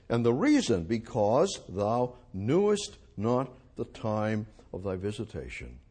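Reading scripture during an expository sermon, this preacher alternates soft, slow passages with loud, emphatic declarations. His mid-range voice has a breathy edge and huge pitch swings.

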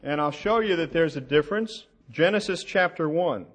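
A man teaching a sermon from the Bible, slow and deliberate, asking the audience questions as he reads out passages. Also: fairly high pitch, lively intonation, a bit bright. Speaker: preacher.

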